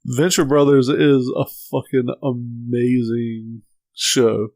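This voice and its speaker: Podcast guy, mid pitch, swears a lot, recaps cartoons in silly high voices, dry close mic. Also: flat delivery, takes it slowly, darkish tone, no echo. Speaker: podcast co-host. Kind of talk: casual chat.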